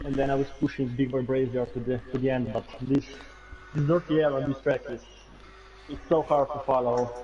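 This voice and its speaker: A man being interviewed after a race, who talks about it in halting, stop-start phrases. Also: mid-range voice, flat delivery, warm tone, muffled recording, faint music behind. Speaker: racing driver interviewed.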